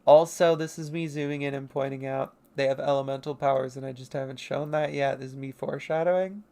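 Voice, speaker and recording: A young adult artist chats loosely on a livestream, poking fun at their own childhood work and dropping into quick character bits. The voice carries a gravelly, fry-tinged texture at a middling pitch, picked up on a home streaming mic. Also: fairly even intonation, warm tone. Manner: rambling, self-mocking, briefly acting out character lines. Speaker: artist livestreaming a comic read-through. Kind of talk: casual livestream commentary.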